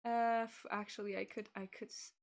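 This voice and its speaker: A woman's voice: mid-range voice, level tone, moderate pace. A woman VTuber hosting a casual stream, bubbly and scattered, laughing often while fiddling with her stream setup.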